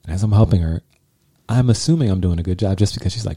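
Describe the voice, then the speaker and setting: Deep, gravelly young man telling stories. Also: fast talker, no room sound. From New York. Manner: animated, laughing storyteller. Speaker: podcast co-host. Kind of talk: casual storytelling chat.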